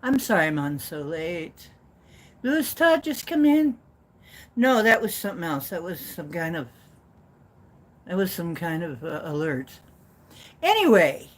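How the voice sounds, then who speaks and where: A woman with a flat Midwestern accent hosting a casual livestream, rambling and teasing herself playfully. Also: on the low side. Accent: Midwestern American. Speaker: livestream host.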